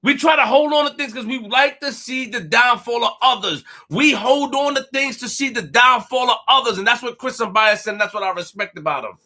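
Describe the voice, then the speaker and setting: A man hosts a live stream with an extremely high, sharp-toned voice, speaking fairly quickly with hardly any pauses. His animated commentary is emphatic and repetitive, aimed directly at his chat.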